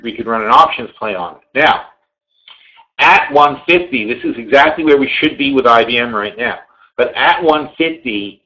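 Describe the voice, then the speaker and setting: A man hosting a live trading webinar in a casual, animated way, digressing and swearing freely. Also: mid-range voice. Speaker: webinar host and trading educator. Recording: roomy, slightly dull sound.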